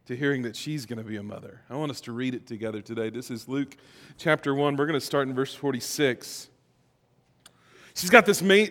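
A man preaching a sermon as pastor, swinging between loud, emphatic passages and quiet, reflective ones, acting out quoted lines. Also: a little high, in a large hall.

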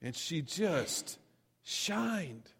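A middle-aged male pastor telling stories in a sermon, swinging from loud to hushed. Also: fairly high pitch, sing-song, very slow, gravelly, breathy edge. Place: church sanctuary. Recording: long hall reverb.

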